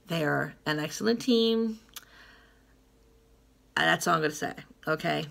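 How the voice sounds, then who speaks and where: A woman's voice: sits low, measured pace, creaky, a bit bright. A woman from Gloucester, Massachusetts, with a Gloucester accent, chatting her opinions to the camera in a rambling way and laughing often between phrases. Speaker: vlogger. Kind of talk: casual opinion vlog.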